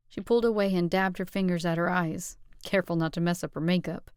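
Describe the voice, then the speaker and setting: Brief: woman audiobook narrator, expressive and steady, dry close sound. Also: fairly low pitch, fast, hardly any pauses, smooth, no room sound. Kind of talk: scripted narration.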